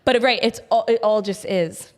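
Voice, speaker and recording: A young woman co-hosts a podcast with lively, giggly energy. Her voice sits at a middle pitch, and she talks as if she is picturing every scene she describes. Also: moderate pace. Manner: animated, giggly, visual storyteller. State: pregnant. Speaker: podcast co-host. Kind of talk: casual chat.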